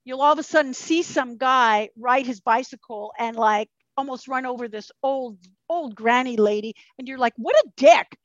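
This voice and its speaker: A woman talking as a podcast guest in casual chat, animated, swearing freely and acting out voices she quotes. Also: fairly high pitch, moderate pace, no room sound, lo-fi sound.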